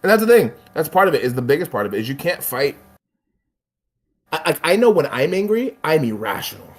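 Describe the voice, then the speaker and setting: A man streaming a casual chat, animated and swearing, often mimicking other people in raised voices. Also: fairly high pitch, brisk.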